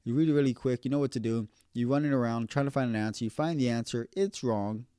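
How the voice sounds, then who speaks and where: A man who works as an electrician, giving casual, earnest advice on passing an exam, slowing down to repeat key points. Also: medium pitch, warm tone, clean tone, no room sound, clean studio sound. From California.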